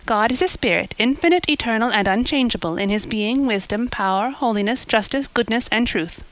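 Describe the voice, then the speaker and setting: A woman's voice: mid-range voice, sing-song, moderate pace, a bit bright, no echo, rough recording. A woman voicing a chatty, imaginative orphan girl in an audiobook, eager and gushing. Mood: enthusiastic. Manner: eager, gushing, rising and falling. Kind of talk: audiobook character voice.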